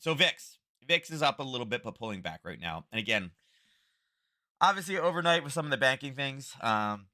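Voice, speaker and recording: Male stream host, slightly hoarse, casual rambling delivery, close-miked at home. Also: mid-range voice, sharp tone. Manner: rambling, thinking aloud, chuckling asides. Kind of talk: casual livestream chat. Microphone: close-up desk microphone.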